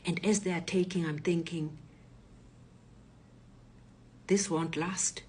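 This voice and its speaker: A woman with a low-set voice recounts a personal ordeal as dramatic testimony. She acts out each person in the story and keeps slipping into a breathy whisper. Faint background noise sits under the recording. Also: steady tone, normal speed, a little mellow.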